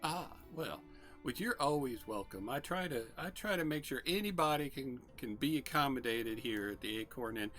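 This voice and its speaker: A man's voice: mid-range voice, expressive, sharp tone, soft background music, pitched above the performer's own voice. A game master voicing a chatty, motherly older female innkeeper who fumbles over her words. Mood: hospitable. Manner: fumbling, friendly, quick to laugh. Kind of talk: narrating a tabletop game.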